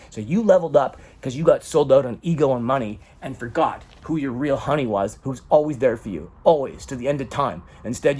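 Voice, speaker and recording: A man's voice: a little high, a little mellow. A man in an emotional personal monologue, talking dramatically and swearing often. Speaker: vlogger.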